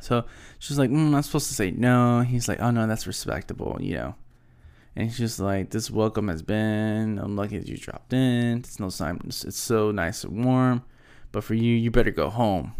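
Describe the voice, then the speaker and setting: A man's voice: mid-range voice, vocal fry, a little mellow. A man in casual commentary, reading song lyrics aloud and reacting with rambling disbelief and many fillers.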